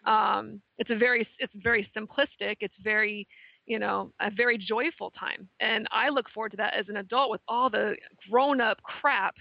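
A woman in her thirties talks earnestly and with nostalgia in a relaxed chat, leaning on plenty of fillers. Her voice sits in a middle pitch and sounds dry and close. The audio is a little dull and muffled. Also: moderate pace, creaky, no echo. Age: 30s. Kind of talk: casual chat.

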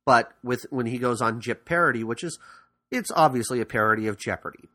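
A man's voice: medium pitch, a little fast, sharp tone. A man hosting a podcast in casual talk, rambling with frequent fillers and restarts. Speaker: podcast host. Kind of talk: casual podcast commentary on cartoons.

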